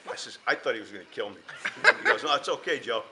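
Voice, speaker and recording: A man's voice: mid-range voice, fast, noisy background. A man, a former player, telling a funny anecdote and laughing at himself. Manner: lively storyteller, laughing at himself. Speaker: former student athlete. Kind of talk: casual anecdote at a gathering.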